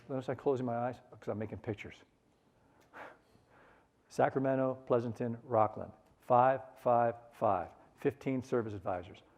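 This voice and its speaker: A middle-aged man leading a sales seminar, energetic and coaxing the audience to repeat phrases after him. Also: medium pitch. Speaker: sales trainer. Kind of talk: conference seminar talk.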